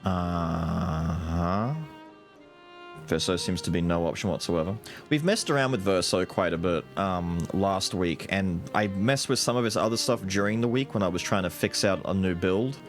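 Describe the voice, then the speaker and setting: A man's voice: deep voice, moderate pace. A young man streaming a video game, chatting casually with jokes and rambling asides. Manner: animated, joking, rambling. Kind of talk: casual live gameplay commentary. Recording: game music in background.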